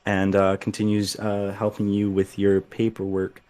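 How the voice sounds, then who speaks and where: GM narrator, man, lowish voice, casual rambling delivery, dry close recording. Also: monotone, normal speed, a little mellow, dry recording. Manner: loose, filler-heavy narration with many "like"s. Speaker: game master. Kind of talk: narrating a tabletop game.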